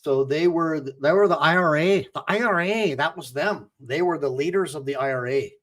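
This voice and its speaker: A man's voice: a little high, moderate pace, a bit bright. An American man hosting a reaction video, talking in a loose, chatty way. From United States. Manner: loose, chatty, swears and laughs. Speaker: attorney and host.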